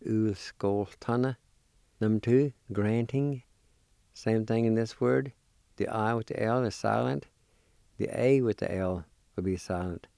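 A man gives a patient vocabulary lesson, spelling each word letter by letter and saying it slowly. His voice sits a bit low, with a warm, mellow tone. The recording is close and dry. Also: vocal fry, no echo. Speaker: language teacher. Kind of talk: slow spelling and pronunciation lesson.

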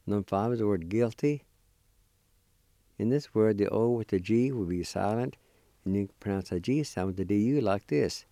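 Brief: male language teacher, deliberate and measured, deep mellow tone, spells out every word. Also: gravelly, dry recording, studio quality. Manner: slow and deliberate, repeating each word. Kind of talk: slow spelling and pronunciation lesson.

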